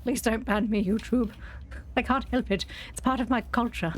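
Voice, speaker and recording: A woman's voice: fairly high pitch, steady tone, normal speed, a little hiss or hum. A woman with a British accent, bluntly ranting and swearing freely while chatting over a game. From Britain. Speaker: YouTuber playing a game. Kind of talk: casual gameplay commentary.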